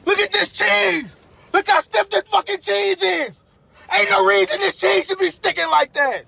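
A man playing a loud hot-tempered old dad. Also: very high voice, a little fast, creaky, breathy edge, heavily acted. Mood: outraged. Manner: shouting, ranting in rhymes. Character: loud hot-tempered older father, preachy. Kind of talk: comedy sketch.

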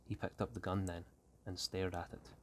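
A man, an English teacher, reading a short story aloud in a steady, unhurried way. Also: low voice, slight background noise.

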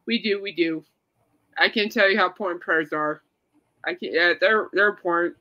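A woman hosting a casual podcast, tearful and halting as she talks and leads a prayer, trying not to cry. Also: fairly low pitch, bright, forceful tone, highs cut off. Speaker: podcast host. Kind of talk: casual chat and spoken prayer.

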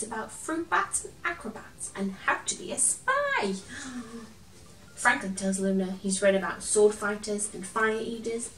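A woman reading a picture book aloud to children, gentle and expressive, chatting now and then to a toy companion. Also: mid-range voice, distant mic. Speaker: children's storyteller. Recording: roomy echo, from off the mic.

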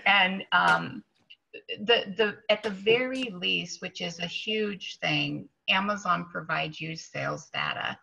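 Woman guest, chatty and informal, gravelly husky voice, dull lo-fi sound. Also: on the low side, sing-song, slow pace, pushed and bright. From United States. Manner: chatty, with frequent restarts and fillers. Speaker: guest, Amazon seller trainer. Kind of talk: casual conversation.

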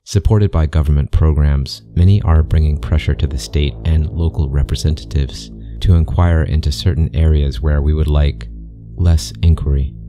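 A man voicing a mysterious male interviewer speaking through a speaker, calm, polite and cold, with an accent that is neither British nor American. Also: a bass voice, moderate pace, music in the background. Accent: unplaceable accent, neither British nor American.

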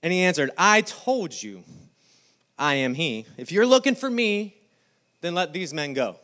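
A male pastor preaching a sermon, telling the story with lively quoted voices. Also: fairly high pitch, a little slow. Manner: animated storytelling, acting out the scene in quoted voices.

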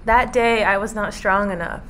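A woman's voice: mid-range voice, moderate pace, a bit bright, a little hiss or hum, lightly acted. A woman reading out the lines of a young female warrior who is ready to die for someone, plain and earnest.

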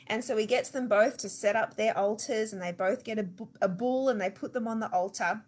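A woman's voice: medium pitch, brisk. Australian woman telling a Bible story. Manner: lively storyteller, conversational, addresses listeners directly. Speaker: church devotional speaker.

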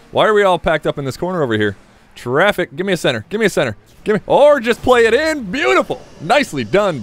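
Rambling jokey gamer man, lively pitch. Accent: slight Southern US. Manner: rambling, self-mocking, jokey asides with sudden excited yelps. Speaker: gaming YouTuber. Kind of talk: casual gameplay commentary.

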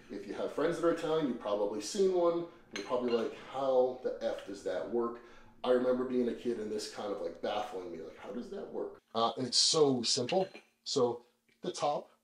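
Chatty man in an echoey kitchen. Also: medium pitch. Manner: relaxed, chatty, many fillers. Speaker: vlog host. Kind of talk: casual demonstration.

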